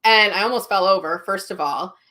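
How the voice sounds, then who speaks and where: A woman's voice: medium pitch, fairly quick, sharp tone. Middle-aged woman, live-stream host, chatty storyteller who reads comments aloud, webcam mic. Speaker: psychic medium hosting a live stream. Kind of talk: casual live-stream chat.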